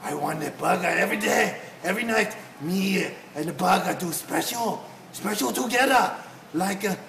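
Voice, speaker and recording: A man's voice: high voice, expressive, normal speed, creaky, heavily acted. A man playing an odd, overeager group member obsessed with burgers, talking in broken English. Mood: giddy. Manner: broken English, shouty and giddy. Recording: echoey room with noise.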